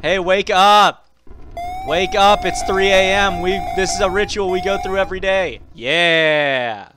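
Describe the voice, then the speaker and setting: A man voicing a bratty, destructive male house cat who loudly mocks its owner while playing a video game. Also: high-pitched, expressive, normal speed, soft background music, pitched above the performer's own voice. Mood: taunting. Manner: loud, gloating, mocking taunts.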